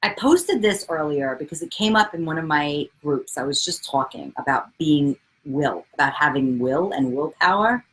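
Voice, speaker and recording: Bubbly excitable woman livestreaming. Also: deep voice, normal speed, few pauses. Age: 40s. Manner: bubbly, excitable, swears casually, greets viewers by name. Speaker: livestream host, coach. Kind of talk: casual live video chat.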